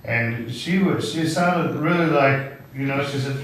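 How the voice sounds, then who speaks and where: A man's voice: medium pitch, a little slow, fairly bright tone. A man co-hosting a comedy show, hesitant and trailing off. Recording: echoey room, far from mic.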